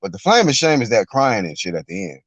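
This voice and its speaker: Mocking, animated man ranting live. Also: mid-range voice, fast, vocal fry, no room sound. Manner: mocking, animated, breaks into shouted impressions. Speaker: live reaction streamer. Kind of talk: profane live reaction rant. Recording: dull lo-fi dry recording.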